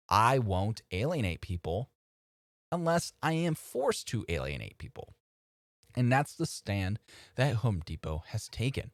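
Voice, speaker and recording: A man's voice: on the low side, no echo, studio quality. A man hosting a channel, giving casual political commentary and talking straight to his viewers as folks. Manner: animated and conversational, addressing viewers as folks.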